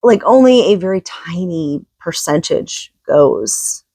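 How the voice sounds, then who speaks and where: A woman's voice: fairly low pitch, lively intonation, slow, warm tone, no room sound. A woman reading from a book and commenting in a casual, opinionated, conversational way.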